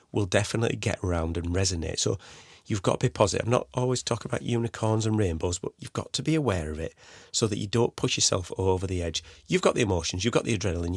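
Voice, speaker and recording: A man's voice: fairly low pitch, creaky, no echo, clean studio sound. A man hosting a solo podcast, giving advice in a casual, rambling way full of "you know" and restarts. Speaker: podcast host.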